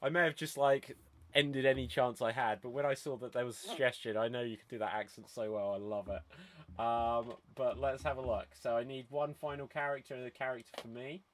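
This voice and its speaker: A man hosting an online improv show over a video call, brisk and chatty, laughing often. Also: medium pitch, steady tone.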